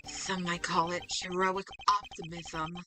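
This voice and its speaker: A woman's voice: lowish voice, little pitch movement, a little slow, pushed and bright, soft background music, voice pushed down. A woman voicing a pompous, scheming older male villain, reading game dialogue aloud with a sneering, condescending manner.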